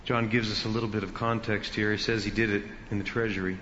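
A male pastor teaching an expository sermon, emphatic and building to loud peaks. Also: fairly low pitch, flat delivery, fast talker, slight background noise. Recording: dull reverberant hall sound.

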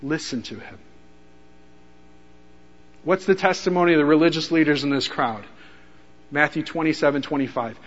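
A man preaching a sermon, telling the story with animated delivery and acting out quoted lines with rising intensity. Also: a little high, quick pace, big-room sound, dull audio.

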